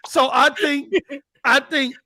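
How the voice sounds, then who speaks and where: A man hosting a gaming talk show. His voice sits high and close on a dry mic. He talks in animated bursts and repeats words as he builds each argument. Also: no room sound. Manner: animated, rapid, repeats words when excited. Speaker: podcast host. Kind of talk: casual gaming chat.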